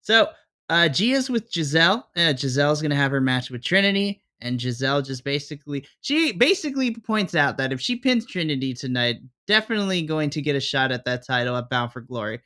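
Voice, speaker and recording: A man's voice: on the high side, sing-song, brisk, pushed and bright. A man co-hosting a casual podcast, sighing and chatting as he leads the rundown of a wrestling show. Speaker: podcast co-host. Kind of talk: casual wrestling review chat.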